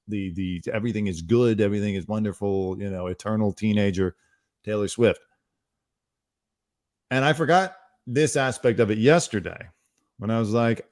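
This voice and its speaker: A man's voice: lowish voice, a little mellow, no echo, clean studio sound. Rambling sarcastic male news host. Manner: rambling, sarcastic, self-correcting. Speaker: comedy news show host. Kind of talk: comedic news commentary monologue.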